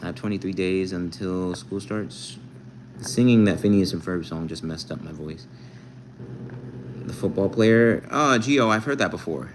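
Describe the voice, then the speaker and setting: A man's voice: low voice, a little slow, a little hiss or hum, low-quality recording. Playful young man chatting on a live stream. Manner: playful, joking, reading chat aloud. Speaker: livestreamer. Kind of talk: casual live stream chat reading comments.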